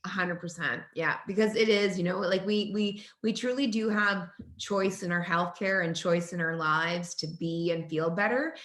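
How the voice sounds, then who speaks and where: A woman's voice: fairly low pitch, normal speed, hardly any pauses, a bit bright. Talkative woman in her forties, echoey room. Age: 40s. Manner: enthusiastic, talkative, frequent restarts and laughs. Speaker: naturopathic doctor guest. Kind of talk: conversational interview.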